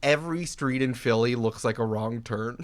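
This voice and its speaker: Animated man telling stories on a podcast. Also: mid-range voice, moderate pace, heavy background noise. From New York State. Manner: animated storyteller, voice jumps up for quoted outbursts. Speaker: guest. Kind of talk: casual podcast chat.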